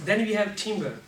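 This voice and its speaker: A man delivers a prepared speech at a measured, unhurried pace, his fairly high voice picked up from across an echoey meeting room. His grammar is non-native, and he breaks off to demonstrate pitch and volume with sudden bursts. A faint hiss sits under the distant recording. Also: a bit bright. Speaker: club speaker giving a speech. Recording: echoey room, speaker far from mic, faint noise.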